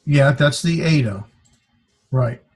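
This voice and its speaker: Here a man teaches a classroom lesson, slow and halting, and he stops often to sound out each syllable. His voice is a little husky, at an everyday middle pitch. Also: darkish tone, faint music behind. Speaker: Greek teacher.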